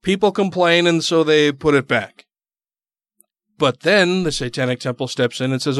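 A man's voice: a little high, moderate pace, fairly bright tone, dry recording. A man hosting a casual podcast, reading a news story aloud and adding sarcastic asides. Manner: sarcastic, laughs often. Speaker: podcast host.

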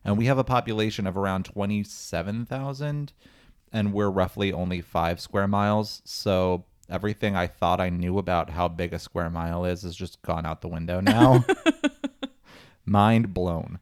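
A man's voice: low voice, fairly even intonation, normal speed. A man co-hosting a podcast, telling a story in a chatty way with joking asides. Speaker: podcast co-host. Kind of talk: casual chat and storytelling.

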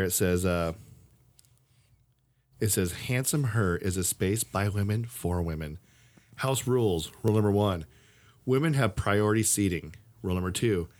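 Podcast dude, kinda low voice, gets worked up and laughs a lot. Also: male voice. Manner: animated storyteller, laughs often. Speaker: podcast co-host. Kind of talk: casual chat.

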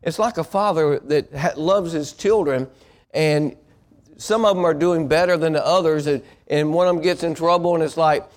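A man preaching a sermon as pastor, calling on the congregation to repeat after him and rising into loud, emphatic preaching. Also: fairly high pitch, moderate pace.

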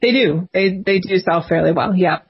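A woman's voice: on the low side, moderate pace, husky. A woman author chatting loosely in an interview, circling back on her words as she goes. The audio is muffled and dull. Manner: chatty, rambling with frequent restarts and laughs. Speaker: author guest. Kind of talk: casual interview chat.

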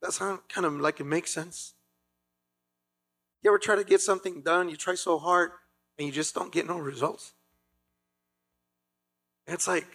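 Guy preaching, high gravelly voice, bright, faint music behind. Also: fairly even intonation, normal speed, long pauses. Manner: dramatic, acts out biblical voices with shouts. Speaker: pastor. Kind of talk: sermon.

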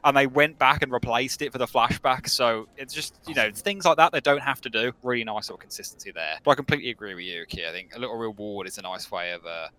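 A man's voice: medium pitch, fast, hardly any pauses, sharp tone. A man with a Brummie accent, chatting enthusiastically as a podcast co-host. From Birmingham, England. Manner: enthusiastic, chatty, with frequent restarts. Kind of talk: casual podcast chat.

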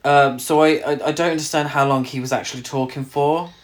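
Co-host of middling pitch, fed up and swearing while picking apart a film. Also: fairly even intonation, fairly quick. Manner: exasperated, sweary, rambling with restarts. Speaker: podcast co-host reviewing a film. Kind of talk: casual chat.

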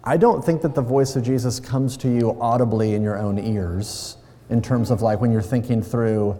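A man preaching a sermon with a mellow, warm tone, talking conversationally and leaning on playful everyday examples. His voice rings out with the long reverb of a large hall. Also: mid-range voice, moderate pace. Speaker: pastor.

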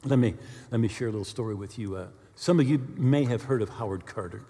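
A male pastor preaching a sermon, telling stories with animated bursts of quick speech. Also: mid-range voice, long reverb tail. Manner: animated storyteller, speeds up when excited.

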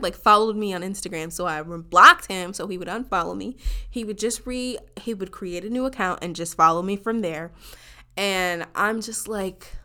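A woman telling a personal story to her viewers in a casual, animated, profane way, often saying y'all. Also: mid-range voice.

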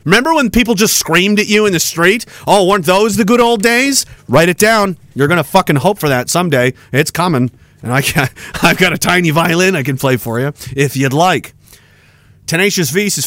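A man's voice: fairly high pitch, animated, moderate pace, a bit bright, no echo, studio quality. A man hosting a podcast, ranting angrily and sarcastically with lots of swearing while reading viewer comments. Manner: angry, profane, sarcastic ranting. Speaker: podcast host.

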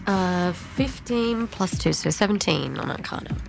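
A woman playing in a tabletop role-playing game, playful and excitable. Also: lowish voice, measured pace, creaky, soft background music. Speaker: player.

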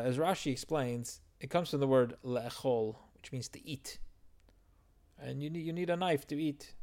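A man's voice: mid-range voice, a little mellow. Man teaching a verse-by-verse text study. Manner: explanatory, translating Hebrew phrases as he goes. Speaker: Torah teacher.

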